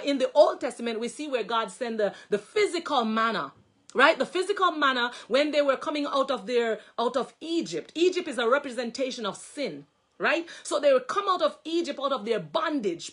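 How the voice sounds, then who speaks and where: High, bright-voiced woman minister preaching. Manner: fervent, breaks into exclamations of praise; repeats phrases for emphasis. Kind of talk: sermon, reading and explaining scripture.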